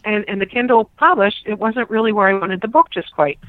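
A woman's voice: medium pitch, lively intonation, a little fast, dry recording. Talkative middle-aged woman, tinny dry sound. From Pittsburgh, United States. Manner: emotional, talkative, lots of restarts. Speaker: guest, author and former caregiver. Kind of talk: casual interview conversation.

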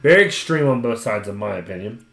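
A man's voice: lowish voice, animated, fast talker, gravelly, a bit bright, roomy sound. A man with an Ohio accent, a podcast co-host telling a long story in casual, profane chat and laughing often.

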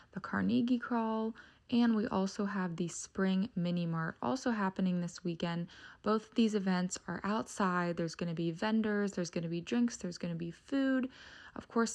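Gravelly lady doing a cheery events promo, bubbly and salesy. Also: mid-range voice. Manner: peppy, promotional. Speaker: events segment presenter. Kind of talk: upbeat scripted event rundown.

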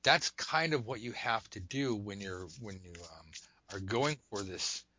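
Bright-voiced man rambling through a tarot demo. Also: on the low side, measured pace, no echo. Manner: rambling, joking, animated asides. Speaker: tarot reader teaching a method. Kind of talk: casual spoken demonstration.

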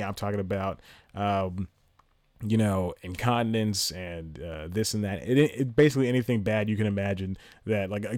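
A man's voice: a little mellow, no echo, clean studio sound. Rambling self-mocking male podcast host. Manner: rambling, self-mocking, laughs at own jokes; jumps into high-pitched impressions mid-story. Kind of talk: solo casual podcast chat. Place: home room with TV on. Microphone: home podcast mic, solo at laptop.

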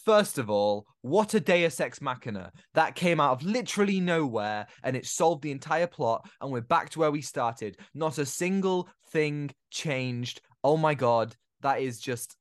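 A man's voice: a little high, animated, unhurried, hardly any pauses, dry recording, studio quality. A man co-hosting a film podcast, giving an emphatic, exasperated critique in casual chat.

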